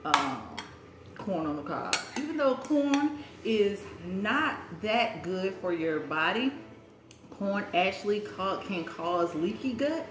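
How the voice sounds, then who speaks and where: A woman's voice: mid-range voice, very animated, slow pace, background noise. Woman host, casual cooking livestream from her kitchen, talks with her mouth full, echoey room. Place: home kitchen.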